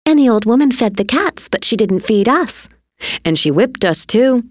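Creepy storybook twins, high chanting unison, put on by a woman narrator. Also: very animated, normal speed, dry recording, studio quality. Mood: spiteful. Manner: eerie sing-song chanting.

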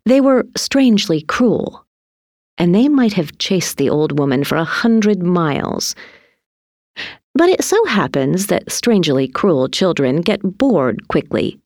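A woman reading a children's story aloud in an expressive, deliberate storytelling manner. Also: on the low side, no echo, studio quality. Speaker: narrator.

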